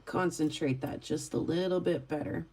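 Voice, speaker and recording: A woman's voice: sits low, moderate pace, a little mellow, breathy edge. A woman vlogger telling a story casually, rambling and chatty with lots of filler words. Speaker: vlogger and rockhound.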